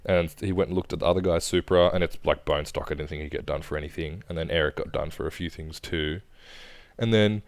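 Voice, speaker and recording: A man's voice: low voice, a little mellow, clean tone, no room sound. A young Australian man telling stories in a casual podcast chat, laid-back and swearing often. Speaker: podcast co-host.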